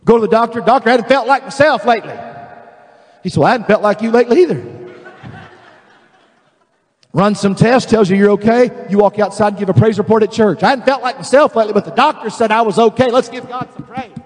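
A male pastor preaching a sermon, animated and emphatic, acting out voices of the people he describes. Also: sits high, fast, in a large hall. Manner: animated, acts out quoted voices, builds to emphatic declarations.

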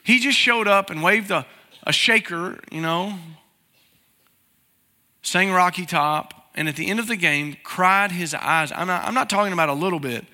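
A man's voice: high voice, normal speed, pushed and bright, long reverb tail. A man, preaching a sermon as pastor and talking to the congregation with plain questions. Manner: conversational, asks the congregation questions.

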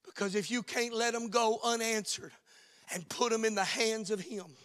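A man preaching a sermon, swinging from shouted peaks down to hushed, near-whispered lines. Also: sits high, steady tone, normal speed, in a large hall. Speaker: pastor.

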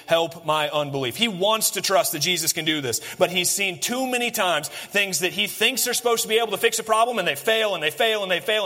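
A man's voice: on the high side, pushed and bright. A man preaching a sermon earnestly, repeating phrases for emphasis. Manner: earnest, repetitive emphasis with restarts. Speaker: pastor. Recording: long hall reverb.

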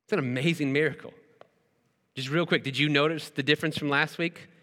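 Bright-voiced man preaching in a hall. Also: a little high, steady tone, fairly quick. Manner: earnest, conversational preaching with repeated words and rhetorical questions. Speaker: pastor. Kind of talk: sermon.

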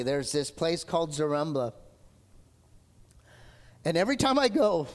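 Male pastor, high-pitched, animated preacher acting out voices, reverberant church. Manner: animated storytelling, acts out quoted voices. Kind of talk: sermon. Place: church sanctuary. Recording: long hall reverb.

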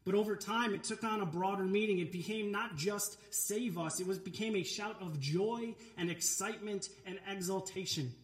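High-voiced man preaching in an echoey church. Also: normal speed, hardly any pauses. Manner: earnest, emphatic preaching. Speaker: pastor. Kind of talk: sermon. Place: church sanctuary.

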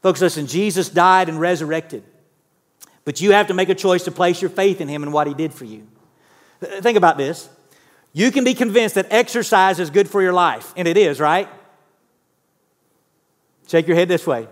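High-voiced pastor in a reverberant hall. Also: male voice, moderate pace, long pauses. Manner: conversational preaching with rhetorical questions to the congregation. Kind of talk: sermon. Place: church sanctuary.

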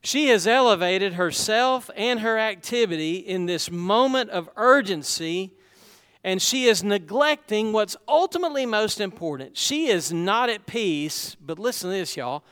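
Pastor preaching in a reverberant hall. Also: male voice, high-pitched, expressive, measured pace, a bit bright, clean tone. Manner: conversational preaching, rhetorical questions to the congregation. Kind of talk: sermon.

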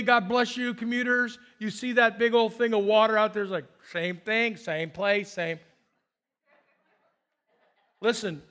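A middle-aged man preaching a sermon as pastor, telling stories and acting out quoted voices with big swings. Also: high-pitched. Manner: animated storyteller, acts out quotes with big swings.

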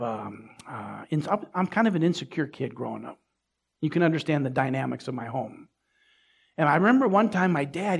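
Husky-voiced man preaching a sermon. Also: fairly high pitch. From Minnesota. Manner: conversational preaching with rising emphasis and asides to the congregation. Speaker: pastor.

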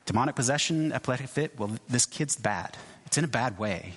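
A pastor preaches to his congregation in a husky voice of middle pitch. He talks conversationally, stumbling and restarting often. His words ring out in a long hall reverb. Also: animated, fairly bright tone. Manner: conversational, halting, many restarts and asides. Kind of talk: sermon.

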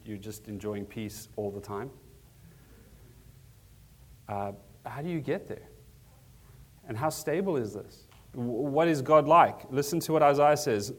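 A man's voice: medium pitch, a little hiss or hum. A man preaching a sermon in an earnest, conversational way, asking the congregation questions as he goes. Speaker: pastor.

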